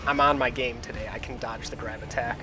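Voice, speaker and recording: A man's voice: mid-range voice, fairly even intonation, brisk, over music. A man streaming a video game, chatting loosely with his viewers as he plays, his voice slightly nasal from a runny nose. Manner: loose and rambling, thinks aloud with restarts, reads and answers chat. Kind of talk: casual live-stream chat, talking to viewers while playing.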